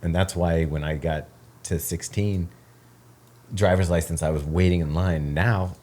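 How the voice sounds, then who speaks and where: A man in his forties, co-hosting a podcast, telling stories in an animated way with plenty of laughs. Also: low voice, a little slow. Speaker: podcast co-host. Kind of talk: casual chat.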